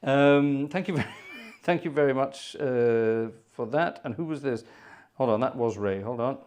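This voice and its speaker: A man's voice: medium pitch, measured pace, a little mellow. A man hosting an organ music livestream, chatting casually and narrating his own troubleshooting with exasperated muttered asides. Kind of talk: casual live-stream chat.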